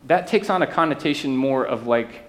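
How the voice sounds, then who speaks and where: A man's voice: mid-range voice, animated, normal speed, a bit bright. A man preaching a sermon to his church, talking conversationally and often checking in with the listeners. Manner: conversational preaching with asides and tag questions. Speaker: pastor.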